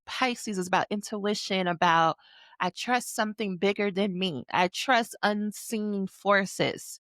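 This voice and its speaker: Animated slangy woman, dry sound. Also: medium pitch, no room sound. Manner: animated, slangy, acts out voices in quotes. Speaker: astrologer and podcast host. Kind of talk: casual astrology talk.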